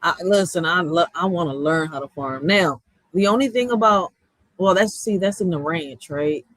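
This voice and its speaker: A man's voice: high voice, moderate pace, a bit bright, no echo, low-quality recording. Rambling streamer guy. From US East Coast. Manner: rambling, slangy, laughs often. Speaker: streamer responding to chat. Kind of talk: casual chat.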